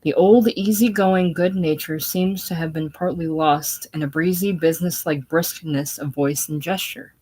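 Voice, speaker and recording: A woman with a low voice reads stage directions aloud from a play. She keeps a steady pace with a few small stumbles and restarts. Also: normal speed, hardly any pauses, poor audio. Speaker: reader.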